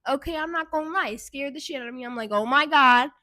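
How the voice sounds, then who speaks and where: Bright, animated young woman telling a story. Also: high voice, rapid-fire, no echo. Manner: animated, swearing, talks straight to viewers. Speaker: vlogger and intuitive guide. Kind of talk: casual storytime vlog.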